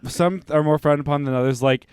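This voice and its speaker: A man on a casual podcast, wisecracking with quick interjections. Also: a little high, a little mellow, clear, resonant tone, no echo, clean studio sound. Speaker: podcast co-host. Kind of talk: casual chat.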